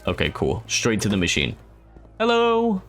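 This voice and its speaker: A man's voice: sits low, big pitch swings, normal speed, a bit bright, soft background music. A young man casually commenting as he plays a game, joking, reacting aloud and slipping into silly voices. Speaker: gameplay streamer. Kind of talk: let's play commentary.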